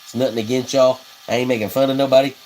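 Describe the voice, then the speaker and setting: A man's voice: medium pitch, fairly even intonation, very fast, a little mellow, slight background noise, low-quality recording. A man who hosts a livestream while he builds custom fishing rods. He talks in a rambling, folksy way, reads viewer comments and laughs at his own stories. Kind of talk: casual livestream chat, reading comments.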